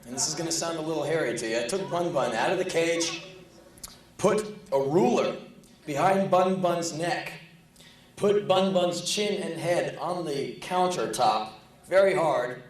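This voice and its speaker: Man, profane sardonic storyteller, fairly high voice, echoey live hall, audience in the room. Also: unhurried, recorded from a distance. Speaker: spoken word performer. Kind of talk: live spoken word storytelling. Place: large live venue.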